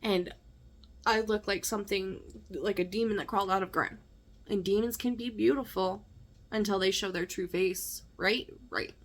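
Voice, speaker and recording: A woman's voice: mid-range voice, fairly even intonation, normal speed. A woman vlogger telling a personal story in an emphatic, conversational way, often checking in with her listeners.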